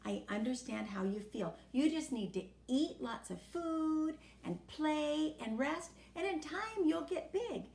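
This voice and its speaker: Woman playing a fretful old porch-sitter, high and wobbly, storybook voice. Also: expressive, unhurried, gravelly, few pauses, darkish tone, roomy sound, exaggerated voice. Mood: gentle. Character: shocked kindly old man on a porch.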